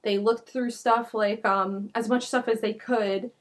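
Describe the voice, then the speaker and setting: A woman's voice: fairly high pitch, fairly even intonation, measured pace. A woman hosting a true crime podcast, telling the case in a casual, chatty way with lots of "like" and indignant asides. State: out of breath.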